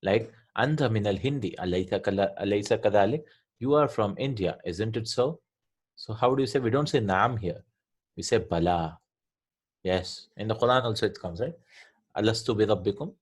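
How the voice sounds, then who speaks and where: A man's voice: on the low side, normal speed, breathy edge. A man teaching an Arabic grammar lesson from a textbook, explaining each point and often checking with "right?".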